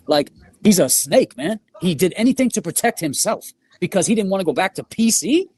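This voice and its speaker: A man's voice: on the high side, moderate pace, husky. A man co-hosting a livestream, speaking scornfully and swearing heavily. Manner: profane, scornful, animated. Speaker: podcast co-host. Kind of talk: heated livestream rant.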